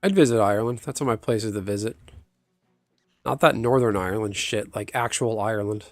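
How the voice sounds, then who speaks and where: A man's voice: on the low side, brisk, no echo, clean studio sound, faint music behind. A man chatting casually on a livestream, rambling and answering viewers' chat aloud. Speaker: live streamer.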